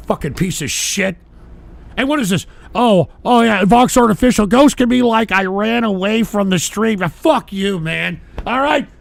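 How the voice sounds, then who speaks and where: A man hosting a live-stream radio show, ranting angrily at his chat and cursing and yelling at his audience. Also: sits high, expressive, moderate pace, creaky.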